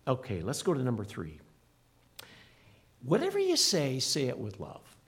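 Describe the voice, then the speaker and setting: A man's voice: medium pitch, huge pitch swings, normal speed, a bit bright, slightly rough. A middle-aged man preaching a sermon as a pastor, earnest and emphatic, swinging his voice up and down for emphasis. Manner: earnest, emphatic preaching with rising and falling delivery.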